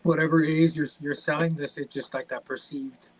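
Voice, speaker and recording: A man's voice: a little high, steady tone, fairly quick, poor audio. A British man chatting casually as a podcast guest, talkative and swearing freely. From United Kingdom. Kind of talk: casual chat.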